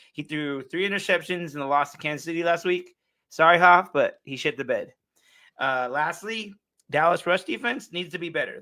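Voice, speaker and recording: Bright, blunt man talking football. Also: on the high side. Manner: blunt, laughs often, reads stats. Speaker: show co-host. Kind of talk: casual sports talk.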